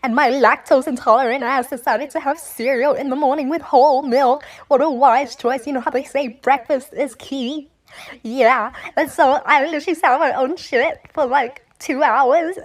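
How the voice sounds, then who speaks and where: Woman, 20s, high-pitched, self-mocking, laughs through a crude tale. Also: steady tone, moderate pace, slight background noise. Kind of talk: casual storytime monologue.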